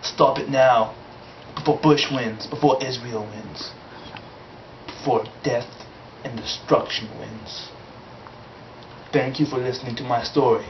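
A man's voice: medium pitch, fairly even intonation, slow pace, noisy background. A man in an amateur comedy sketch, rambling and improvising in a vague put-on foreign accent. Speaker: comic character host. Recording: roomy, dull lo-fi home video.

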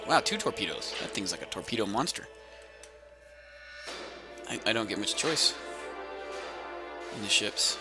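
With game music clearly audible in the background, a man hosts a let's-play on his gaming channel, musing aloud and laughing easily at his finds. He speaks on the low side, a bit slowly, pausing often, and his pitch swings widely.

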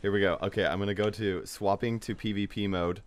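A young man with a cold giving excitable let's-play commentary, yelping and laughing at the scares. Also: lowish voice, a little fast, hardly any pauses, smooth. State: has a cold. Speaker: gaming YouTuber.

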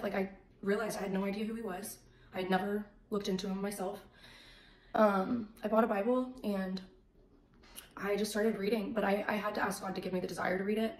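A woman giving a casual faith testimony, animated and acting out the voices in her story. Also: medium pitch. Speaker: faith vlogger. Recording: echoey room.

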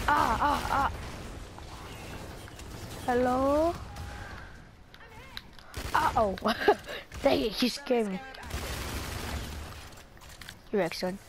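A young woman narrates her shooter gameplay playfully, squealing and singing silly little lines while the game audio roars behind her. Her voice is high, gravelly, and a bit bright.

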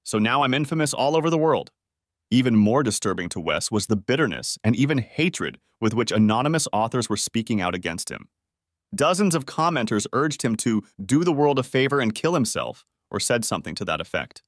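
Guy narrating a drama audiobook, lively storyteller voice, dry close mic. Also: fairly low pitch, a little fast, dry recording.

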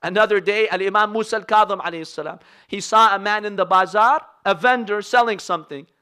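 A man preaching through a story, his voice pitched high for a man. He talks earnestly and with emphasis, and slips in casual asides to the crowd. His tone is bright and forceful. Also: fast talker, clear, resonant tone. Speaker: religious speaker. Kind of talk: storytelling sermon.

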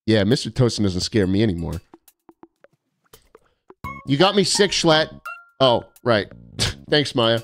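A man's voice: medium pitch, sing-song, slow pace, vocal fry, pauses often, soft background music. A young man streaming casually, reading viewer postcards aloud with sarcastic, mock-arrogant jokes.

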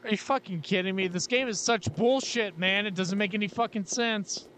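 A man playing a horror game and commenting on it, frustrated and swearing as he rants, his voice getting hoarse. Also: high voice, normal speed, heavy background noise. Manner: frustrated, swears a lot, ranting. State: losing his voice. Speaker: gaming YouTuber. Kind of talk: let's play commentary.

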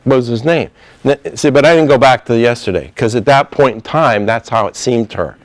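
A middle-aged man explains communication in a relaxed, chatty way, slipping into quick acted-out exchanges. His voice sits in an ordinary middle pitch. The recording is dry and close. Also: dry recording. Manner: conversational, acts out dialogue with laughs. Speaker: therapist. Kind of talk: informal talk on communication.

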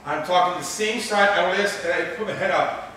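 A man teaching grappling moves on the mats, explaining and telling animated stories with loud excited bursts. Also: high voice, brisk, a little hiss or hum. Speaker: grappling instructor. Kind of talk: mat instruction with demonstration. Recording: echoey gym recorded from a distance.

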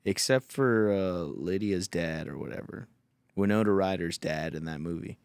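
A man's voice: deep voice, normal speed, clear, resonant tone, dry recording. A young man hosting a podcast, telling a rambling, profane story in casual chat. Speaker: podcast host.

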